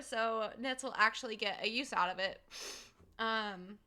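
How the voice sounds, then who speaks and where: Young female streamer, emotional, chatty and giggly; bright, slightly high voice. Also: measured pace. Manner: rambling, lots of "like" and "um", giggly. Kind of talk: casual live-stream chat.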